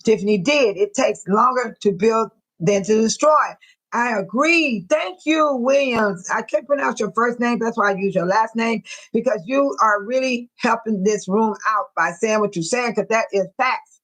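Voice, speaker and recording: A woman's voice: on the high side, fairly bright tone, poor audio. A woman hosting a casual livestream, talking to her viewers by name. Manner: emotional, talks to viewers by name. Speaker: livestream host.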